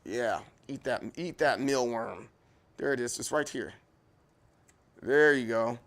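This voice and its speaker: Speaking slowly in a medium-pitched, fairly bright voice, a man hosts a casual livestream from his home kitchen. He walks with a handheld camera and rambles in a chatty way, talking directly to viewers.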